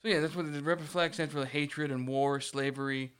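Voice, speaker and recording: Guy ranting about his girlfriend's family, kinda high smooth voice, lots of cussing. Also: a little fast. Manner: animated storytelling, swears often, acts out quotes. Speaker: podcast co-host. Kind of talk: casual chat.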